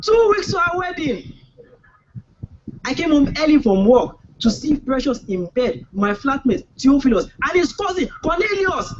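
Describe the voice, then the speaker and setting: A man's voice: extremely high pitch, sing-song, normal speed, dull audio, slight background noise. A man with a Nigerian accent performing comic spoken word poetry in a rhythmic, rhyming style, recorded live on a poetry stage. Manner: rhythmic, rhyming delivery with mock-dramatic outbursts.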